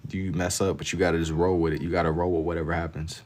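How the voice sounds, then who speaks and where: A man's voice: low-pitched, little pitch movement, fast, darkish tone. A man chatting casually on a livestream while he draws, reading out viewer comments in a laid-back, slangy way and laughing easily. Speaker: livestreamer drawing on stream.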